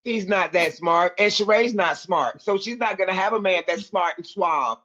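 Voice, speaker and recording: Man, high voice, animated, fast talker, casual co-host, dull lo-fi recording. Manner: animated, fast, mimics people. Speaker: podcast co-host. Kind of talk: casual chat. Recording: dull lo-fi sound.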